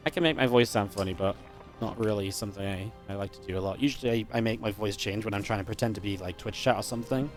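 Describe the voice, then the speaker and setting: A man giving live play-by-play commentary on a strategy game match, chatty and upbeat with quick reactions. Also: lowish voice, soft background music. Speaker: esports caster.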